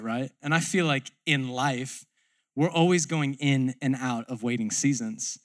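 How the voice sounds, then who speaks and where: A man pastor preaching a sermon, telling a personal story in a casual, chatty way. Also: mid-range voice.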